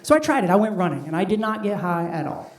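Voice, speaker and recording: A man's voice: sits high, lively intonation, fast talker, crowd noise. A middle-aged man performing a stand-up comedy set, talking loosely and conversationally with lots of "like" fillers. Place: comedy club stage. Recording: roomy club sound from a distant mic with audience. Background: audience laughter.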